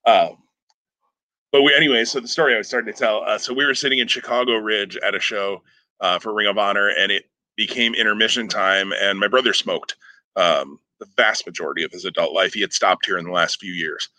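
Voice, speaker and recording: In a lowish, sharp-toned voice and at a slightly fast clip, a man hosting a podcast spins a long, meandering story, interrupting himself with fillers and chuckles. The recording is low quality.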